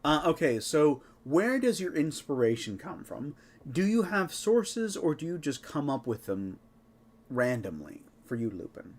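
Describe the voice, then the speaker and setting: A man's voice: a little high, sing-song, unhurried. Easygoing man co-hosting a Q&A. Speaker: co-host reading listener questions. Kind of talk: casual chat.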